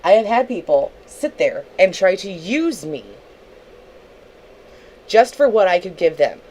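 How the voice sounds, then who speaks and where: Very animated but measured in pace, a young woman with a medium-pitched, darkish voice delivers an angry livestream rant at another streamer. Heavy swearing and confrontation mark her speech, and the poor audio carries slight background noise.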